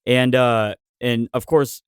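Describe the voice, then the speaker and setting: A man's voice: medium pitch, steady tone, slow pace, clear, resonant tone, no echo, studio quality. A man who is a podcast guest, telling a rambling story in casual chat.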